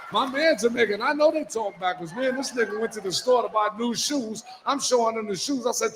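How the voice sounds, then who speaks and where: A male stand-up comedian telling profane stories on a club stage, slipping into quick character voices. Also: very high-pitched. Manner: brash, profane storytelling with quick put-on voices. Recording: echoey live club recording with crowd noise.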